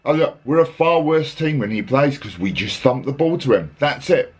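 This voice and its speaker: A man's voice: mid-range voice, animated, moderate pace, darkish tone, husky. A man hosting a casual football chat, sarcastic and exasperated, rambling with restarts. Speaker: podcast host.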